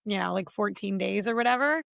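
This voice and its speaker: A woman with a Philadelphia accent, co-hosting a casual chat and telling animated stories in which she acts out the quotes. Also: mid-range voice, brisk, gravelly, no echo. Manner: animated storyteller, acts out quotes, laughs often. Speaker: co-host. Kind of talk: casual chat over drinks.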